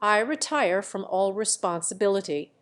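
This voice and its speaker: A woman's voice: medium pitch, animated, normal speed, a bit bright, natural voice. A woman voicing an indignant, hot-tempered middle-aged mother who speaks in an exasperated way.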